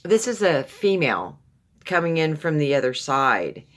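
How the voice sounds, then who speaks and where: A woman's voice: low voice, sing-song, moderate pace. A woman giving a casual, affectionate tarot reading, calling the listener baby and often repeating herself. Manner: rambling, repeats words and restarts. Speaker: tarot reader.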